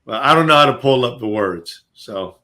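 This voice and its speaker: A man co-hosting a casual talk show, telling an animated story and reading messages aloud. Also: mid-range voice, normal speed. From Florida. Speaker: co-host.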